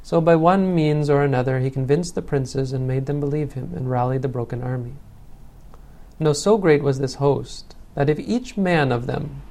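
Mellow-voiced man reading an old legend. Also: mid-range voice. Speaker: storyteller.

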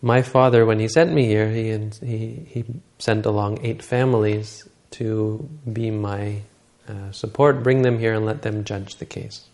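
A man voicing an indignant young wife who firmly insists on her rights, speaking in a steady, insistent way. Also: fairly low pitch, unhurried, hardly any pauses.

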